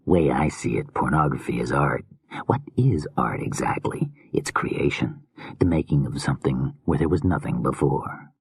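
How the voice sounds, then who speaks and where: A man's voice: a bass voice, animated, normal speed, slightly rough, dry recording, full character voice. A man voicing an unhinged, weary male killer filmmaker in a slurred whisper, as whispered role-play in an audiobook. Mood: fervent.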